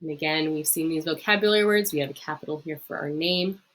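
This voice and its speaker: Lowish-voiced woman teacher recording a lesson, says each phrase slow so you can repeat, chatty friendly explaining. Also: a bit bright. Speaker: Latin teacher.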